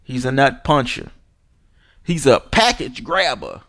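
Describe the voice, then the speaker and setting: A man's voice: medium pitch, big pitch swings, unhurried, a bit bright, no echo, clean studio sound. A young man hosting a sports podcast, delivering a furious, disgusted rant full of swearing and mockery. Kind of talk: angry profane rant.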